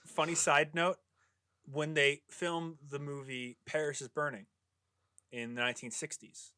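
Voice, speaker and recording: A man's voice: fairly high pitch, steady tone, measured pace, pushed and bright, clean tone, dry recording, studio quality. A man co-hosting a casual movie podcast, swearing freely and telling rambling anecdotes. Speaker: podcast co-host. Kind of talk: casual chat.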